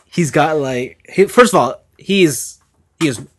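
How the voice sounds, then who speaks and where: A man co-hosting a casual podcast, telling a story with lively swings and freely swearing. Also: fairly high pitch, measured pace. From Canada. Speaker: podcast co-host. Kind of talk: casual chat.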